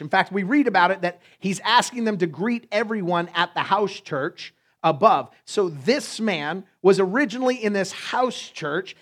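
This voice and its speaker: A male pastor preaching a sermon in a playful, joking manner with quick asides to the congregation. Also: high-pitched, a bit bright.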